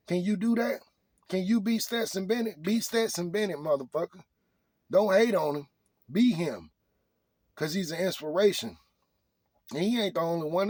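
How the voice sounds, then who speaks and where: A man, preaching at his audience in a loud, repetitive rant. His voice sits a bit higher than most men's, and the recording is dry and close with no room sound. He drives his point home with one rhetorical question after another. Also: dry recording. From Arkansas. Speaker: vlogger. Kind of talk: motivational rant to camera.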